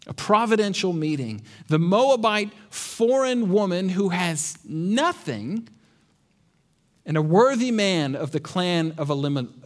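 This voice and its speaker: A man preaching a sermon, with rhetorical questions and dry sarcastic asides. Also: high-pitched. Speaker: pastor.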